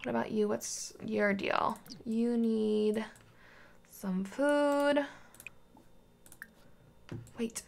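A woman's voice: fairly high pitch, drawn-out words, a little mellow. A woman casually commenting on a life simulation game, coaxing and scolding the characters as if they were toddlers. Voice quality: gravelly vocal fry. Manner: chatty, talks to game characters like small children. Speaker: gaming channel host.

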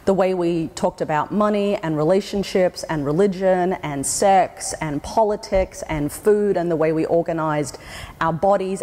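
A woman's voice: lowish voice, darkish tone. An Australian woman giving a humorous conference talk, telling wry stories and acting out other people's voices. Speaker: keynote speaker. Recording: hall with long reverb.

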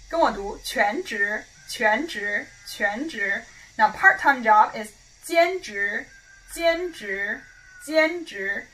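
Woman language teacher, bright, slightly high voice, patient drills of phrases. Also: poor audio. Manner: clear, slow repetitions of model phrases. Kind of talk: language lesson.

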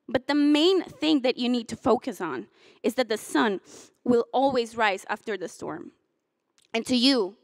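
In a hotel ballroom, a young graduating student delivers a commencement speech in a fairly high voice, shifting between heartfelt, tearful moments and teasing jokes aimed at her classmates. She's emotional, choking up and laughing through tears before joking with the crowd. The sound is close and dry, with no echo.

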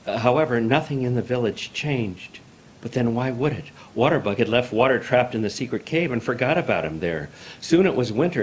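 A man reading a traditional folk tale aloud in a measured, formal storytelling manner. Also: medium pitch, a little hiss or hum.

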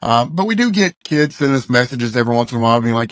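A man's voice: medium pitch, brisk, no room sound. Laid-back storytelling man from Arkansas. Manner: loose, chatty storyteller who acts out quoted dialogue. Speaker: guest, musician and youth speaker. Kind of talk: casual interview storytelling.

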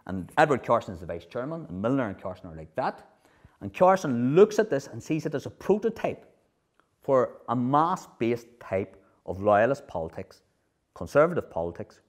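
A middle-aged man giving a history lecture, lively, often checking in with his audience. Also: mid-range voice. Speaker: speaker at a political history festival.

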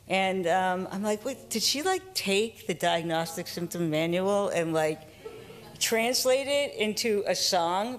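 A woman trauma therapist telling a story to an audience, talking casually and acting out what people said. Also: lowish voice. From United States. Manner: animated, casual, acts out quotes. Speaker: trauma therapist giving a talk. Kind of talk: storytelling presentation.

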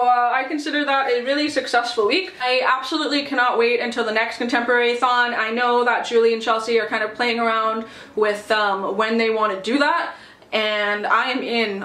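Young woman book vlogger, bright-voiced and gushing, chatty casual review in a roomy space. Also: on the high side. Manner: gushing, chatty, many fillers and "like". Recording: echoey room.

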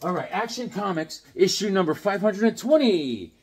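A man's voice: high-pitched, very animated, moderate pace. A middle-aged man chatting casually about comics he got, rambling with enthusiasm and acting out voices as he tells stories. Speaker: comic collector vlogger. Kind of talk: casual unboxing chat with stories.

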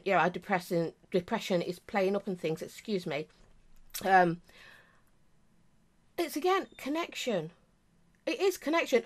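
Chatty English woman vlogger, lively. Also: fairly high pitch. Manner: chatty and rambling, with many asides. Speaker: vape reviewer. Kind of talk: casual chat to camera.

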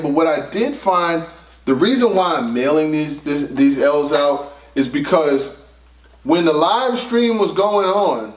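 A man's voice: fairly high pitch, recorded from a distance. A man hosting a casual commentary chat, blunt and profane, walking through the story step by step. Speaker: host. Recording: roomy sound, away from mic.

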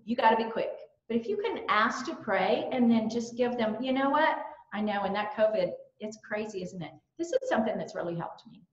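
Middle-aged southern lady giving a church talk, bit high voice, echoey dull recording. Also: fairly quick, hardly any pauses. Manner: lively storyteller, animated quotes and laughs. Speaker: speaker at a church training. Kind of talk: church talk with personal stories. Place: church hall.

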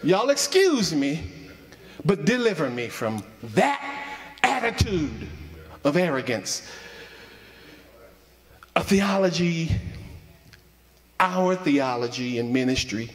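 Slow, deliberate preacher in an echoing church. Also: male voice, medium pitch. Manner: preaching with emphatic repetition. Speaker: associate minister. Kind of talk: sermon. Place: church sanctuary. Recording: reverberant church sanctuary.

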